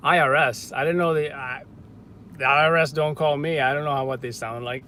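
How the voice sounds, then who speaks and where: A man's voice: on the high side, fairly even intonation, a little fast, bright, forceful tone, slight background noise. Joking man livestreaming from a car. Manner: rambling and joking. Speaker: livestream host. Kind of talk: casual livestream chat. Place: in a car on city streets.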